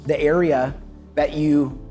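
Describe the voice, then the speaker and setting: A man's voice: on the high side, fairly even intonation, takes it slowly, warm tone, soft background music. A man hosting a casual interview inside an office, eager and affirming as he talks with his guest. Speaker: host, mortgage loan officer. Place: inside a real estate office.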